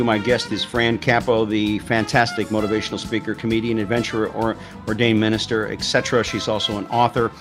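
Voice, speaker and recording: Upbeat radio host man, low voice. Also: little pitch movement, brisk, over music. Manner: upbeat introductions, with short listening murmurs. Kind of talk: live radio interview.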